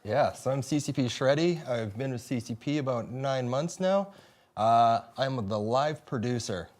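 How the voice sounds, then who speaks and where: A man's voice: medium pitch, animated, unhurried, darkish tone. A man who works as a live events producer, answering questions in a casual, easygoing way with many filler sounds. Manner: easygoing, filler-heavy explaining. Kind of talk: casual desk interview.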